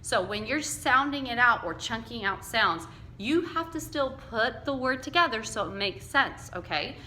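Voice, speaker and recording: A woman teaching a phonics lesson to young children, slowly and patiently sounding out letters and word chunks for them to repeat. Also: fairly high pitch, lively intonation, bright, forceful tone, roomy sound, a little hiss or hum. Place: classroom with whiteboard.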